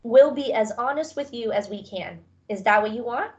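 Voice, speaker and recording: A woman voicing a tender, apologetic mother who speaks in hushed tones, in a storybook reading. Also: a little high, moderate pace, highs cut off, lightly acted. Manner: whispering, tender.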